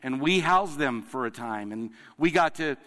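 A man preaching a sermon as pastor, telling stories earnestly with emphatic pauses. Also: medium pitch, animated, pushed and bright. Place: church sanctuary. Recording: long reverb of a large hall.

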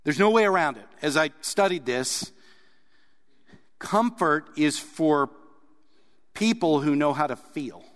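A man preaching a sermon in an earnest way, sometimes pressing hard on a point and then dropping soft. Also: fairly high pitch, lively intonation, slow, pauses often, long reverb tail. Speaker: pastor.

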